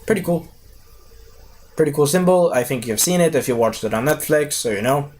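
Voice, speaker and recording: A man's voice: fairly high pitch, animated, fairly quick, darkish tone. A young man reviewing a cartoon series in a loose, chatty, digressive way. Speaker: video reviewer. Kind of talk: casual rambling review.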